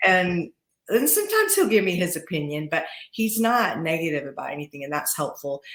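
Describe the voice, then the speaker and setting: A woman in her forties, a podcast guest talking casually, chatty and quick to laugh, often restarting and repeating words. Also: lowish voice, fairly bright tone, reverberant. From Utah. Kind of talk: casual interview talk. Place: podcast studio.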